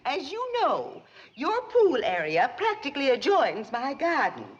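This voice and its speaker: A woman's voice: sits high, huge pitch swings, unhurried, lo-fi sound, full character voice. An actress playing a prim, fretful rich society lady with genteel, formal and fussy diction. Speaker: wealthy society neighbor.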